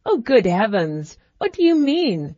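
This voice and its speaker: A woman's voice: fairly high pitch, sing-song, measured pace, dark tone, no room sound, lo-fi sound. A woman voicing a crafty, fussy middle-aged male magistrate who talks in a cackling, ingratiating way.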